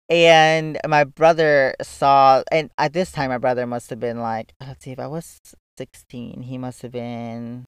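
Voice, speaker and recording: Talking directly to the camera, this young male vlogger shares something personal in a relaxed, rambling style, dropping "like" often and swearing casually. He sounds clear and smooth, pitched on the high side, and the audio is dry, as though he sat right at the mic.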